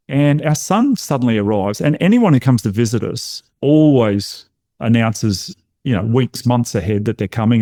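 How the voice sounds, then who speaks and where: A middle-aged man, a podcast guest telling a personal story in a lively way and acting out what others said. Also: mid-range voice, dry recording, studio quality. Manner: animated storyteller who acts out other people's lines. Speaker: podcast guest, intuition coach.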